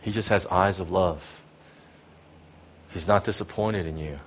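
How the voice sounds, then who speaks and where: A man preaching a sermon to a live congregation. He talks in a conversational way, asks "right?" often, and swings from loud emphasis down to hushed tenderness. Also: low voice, measured pace, a little hiss or hum. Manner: conversational asides, frequent "right?" and "you know". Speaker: pastor.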